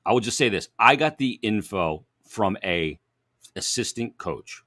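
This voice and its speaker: Deep-voiced man, chatty and teasing. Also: animated, unhurried, bright, forceful tone, dry recording, studio quality. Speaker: co-host. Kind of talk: casual sports talk.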